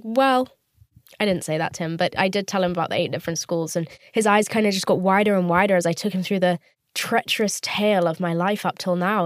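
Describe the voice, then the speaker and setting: A woman's voice: fairly low pitch, dry recording, clean studio sound. A woman in her twenties, hosting a podcast from her parked car, telling a candid, profane story in a chatty way. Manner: candid, chatty and profane, acting out quoted voices. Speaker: podcast host. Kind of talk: casual storytelling monologue.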